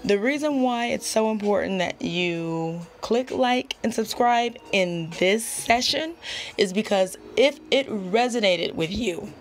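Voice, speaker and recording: A woman's voice: medium pitch, animated, takes it slowly, faint music behind. A woman giving a casual tarot reading straight to her viewers, assertive and chatty, often checking in with "okay?". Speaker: tarot reader.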